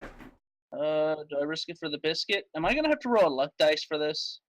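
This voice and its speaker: Guy playing a tabletop game, kinda high voice, super jumpy pitch, swears a lot, gets all worked up. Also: normal speed, no room sound. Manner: excitable, swears often, frustrated outbursts. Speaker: player.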